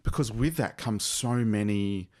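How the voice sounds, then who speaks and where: A man's voice: on the low side, unhurried, a little mellow. A man co-hosting a casual podcast chat, earnest and agreeable, talking in long run-on thoughts. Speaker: podcast co-host, actor.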